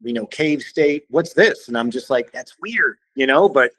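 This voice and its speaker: Man with a bright, tense voice. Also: medium pitch, normal speed, no room sound, rough recording. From Cleveland, Ohio. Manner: animated, acts out quoted voices, swears casually. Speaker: podcast guest, band vocalist. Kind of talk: casual storytelling in conversation.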